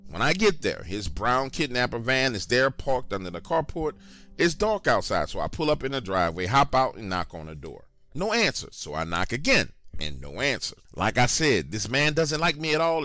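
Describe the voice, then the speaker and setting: A man's voice: mid-range voice, a bit bright. A man telling a first-person horror story in a casual, conversational way, talking straight to the listeners.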